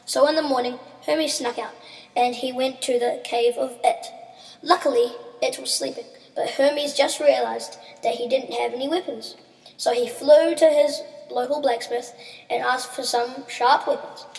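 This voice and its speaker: A woman's voice: high-pitched, steady tone, unhurried, creaky, a little mellow. A woman reading her written story aloud in plain storybook narration. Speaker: story reader. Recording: echoey reverberant room.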